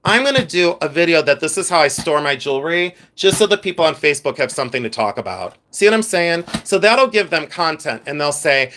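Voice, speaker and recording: A man's voice: fairly high pitch, a little fast, few pauses, slight background noise. A man hosting a casual live stream, chatting with viewers, reading their comments and joking in a playful, self-mocking way. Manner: chatty, animated, reads and answers chat. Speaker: livestream host sorting jewelry.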